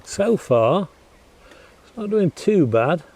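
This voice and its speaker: Lively chatty British man. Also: sits high, slow, breathy edge. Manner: chatty, laughs often, self-mocking. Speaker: host. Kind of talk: casual airgun review. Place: outdoors in a paddock.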